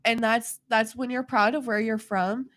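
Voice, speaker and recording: A woman's voice: a little high, fairly even intonation, moderate pace, a bit bright. A young woman talking as a guest in a casual live conversation, earnest and enthusiastic, laughing often.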